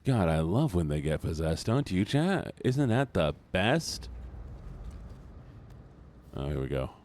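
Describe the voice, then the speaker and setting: A man's voice: low-pitched, very animated, takes it slowly, darkish tone. A man streaming a game live, chatting to his viewers with playful outbursts. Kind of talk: live gameplay commentary.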